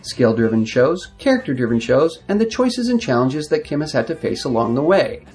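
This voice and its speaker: A man hosting a podcast, reading a measured, reflective scripted introduction. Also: mid-range voice, very animated, darkish tone. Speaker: podcast host.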